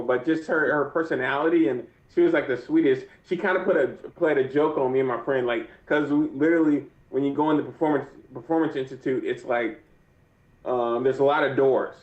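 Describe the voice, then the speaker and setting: A man's voice: fairly high pitch, brisk, a little mellow. Young male fighter guest, rambling and casual; dull, roomy remote audio. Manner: rambling, many fillers and "you know what I mean". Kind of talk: casual interview. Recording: muffled echoey remote audio.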